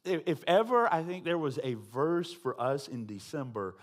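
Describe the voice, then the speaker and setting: A man's voice: on the high side, sing-song, moderate pace. A male pastor delivering a sermon in a conversational way, often checking in with the congregation and adding dry humorous asides. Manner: conversational, with frequent tag questions to the congregation.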